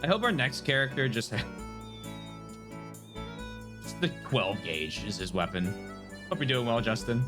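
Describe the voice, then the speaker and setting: A man's voice: mid-range voice, big pitch swings, unhurried, pauses often, over music. A man streaming a game live, making playful joking asides while reading the dialogue. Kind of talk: casual live gameplay commentary.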